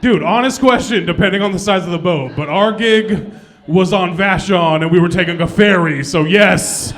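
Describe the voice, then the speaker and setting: A man's voice: sits high, normal speed, a bit bright. A young adult man doing a self-deprecating stand-up comedy set on a club stage, laughing at his own jokes.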